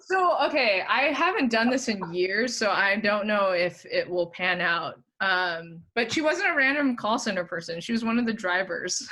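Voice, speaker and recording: A woman's voice: medium pitch, expressive, normal speed, sharp tone. A young adult woman, a podcast guest, chatting casually and reflectively, with lots of "like" fillers. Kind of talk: casual chat.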